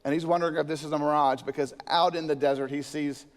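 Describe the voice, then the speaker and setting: Speaking fast in a somewhat high voice, a senior pastor alternates between scripture and storytelling, stressing important words forcefully and slipping in a joke. A lengthy church-hall echo surrounds his animated delivery.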